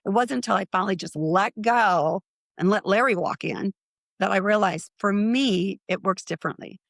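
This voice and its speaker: A woman, a psychic medium, chatting as an interview guest with a slightly gravelly voice, telling a long story. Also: mid-range voice, moderate pace, no echo. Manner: chatty, acts out other people's lines in quotes.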